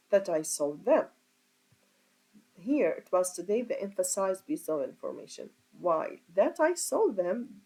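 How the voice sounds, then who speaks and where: A woman with a lowish, slightly mellow voice teaches a grammar lesson as an English teacher, on poor audio. She goes slowly and deliberately, explaining step by step and asking her class rhetorical questions.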